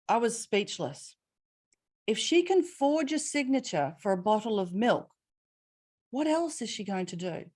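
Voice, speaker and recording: A middle-aged Australian woman delivers a webinar keynote at medium pitch, telling stories with expressive emphasis and asking rhetorical questions.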